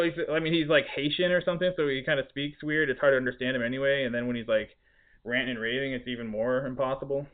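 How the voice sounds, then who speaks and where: A man's voice: mid-range voice, fast talker. Man telling a story over tinny audio. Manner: laughing, profane, exasperated storytelling. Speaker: podcast host; restaurant cook. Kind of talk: casual storytelling chat.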